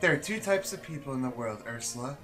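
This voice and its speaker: A man's voice: mid-range voice, lively intonation, fast talker, pushed and bright, soft background music. A man voicing a haughty, cruel noblewoman in a game, with clipped, contemptuous delivery. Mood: scornful.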